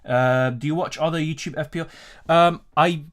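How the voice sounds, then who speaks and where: A man's voice: fairly high pitch, fairly even intonation, moderate pace. A young man hosting a live stream, reading viewer questions aloud and answering in a casual, rambling way. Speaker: fantasy football streamer.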